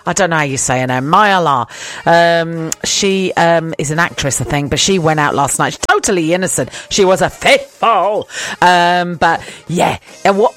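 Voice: medium pitch, fairly bright tone. A radio host with a Scottish accent, chatting casually to listeners in a rambling way, often trailing off and asking the audience questions. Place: radio studio.

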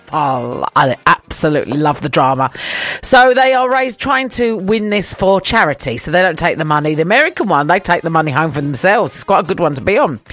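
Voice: mid-range voice, fairly bright tone. A radio host with a Scottish accent, chatting casually to listeners in a rambling way, often trailing off and asking the audience questions. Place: radio studio.

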